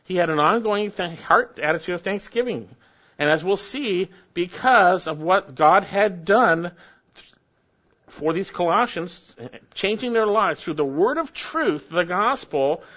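A man's voice: high-pitched, fairly bright tone, muffled recording. A male pastor preaching a sermon verse by verse, quoting scripture and repeating key phrases. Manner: expository preaching with scripture quotes and repetition.

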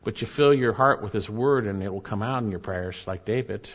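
A man preaching a sermon, reading scripture and explaining it, rising to loud emphasis and dropping to hushed tones. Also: lowish voice, fairly quick, dull audio. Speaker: pastor.

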